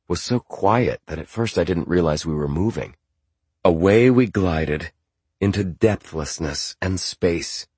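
A man narrates a novel in a measured, reflective first-person voice. His tone is deep and husky. The recording is close and completely dry. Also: no echo. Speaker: audiobook narrator.

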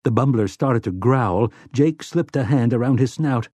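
Brief: male audiobook narrator, steady brisk reading, mid-pitched, dry close sound. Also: husky, no room sound. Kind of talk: scripted novel narration.

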